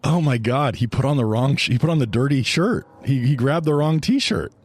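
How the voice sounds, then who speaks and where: A man's voice: mid-range voice, expressive, moderate pace, no echo. A man co-hosting a movie podcast, teasing and laughing in casual banter. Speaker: podcast co-host. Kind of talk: casual chat.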